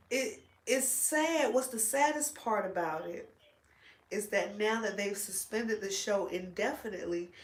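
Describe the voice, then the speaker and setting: A woman vlogger chatting casually while braiding her hair, animated, blunt and full of slang and cursing. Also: medium pitch, reverberant.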